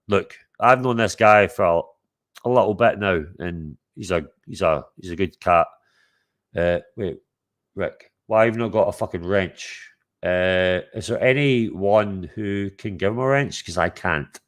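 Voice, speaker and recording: A man's voice: low voice, fairly bright tone. A Scottish man hosting a livestream, boisterous and sweary, calling out to his viewers in casual chat. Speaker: livestream host.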